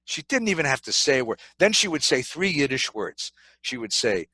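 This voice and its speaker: Animated rabbi giving a lively lecture. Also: male voice, mid-range voice, brisk, dry recording. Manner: animated, dramatic storyteller. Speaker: rabbi, keynote speaker. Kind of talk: lecture on scripture. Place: synagogue lecture.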